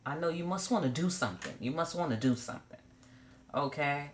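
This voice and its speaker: Blunt low-voiced woman reading tarot. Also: animated, brisk, slight background noise. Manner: blunt, profane, joking asides; repeats phrases, checks in with "okay?". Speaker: tarot reader. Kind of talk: casual tarot reading to camera.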